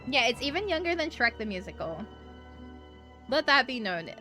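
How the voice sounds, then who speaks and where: A woman's voice: a little high, sing-song, normal speed, bright, forceful tone, faint music behind. A woman from Australia with an Americanized Australian accent, chatting casually on a game stream and rambling with lots of "like" and free swearing. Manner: rambling, many "like" fillers, swears freely. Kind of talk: casual live-stream chat.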